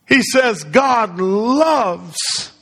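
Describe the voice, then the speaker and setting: His voice is very high and a bit bright as he delivers a sermon in a church sanctuary. The pastor quizzes the congregation in call-and-response fashion, and the hall adds a long reverb.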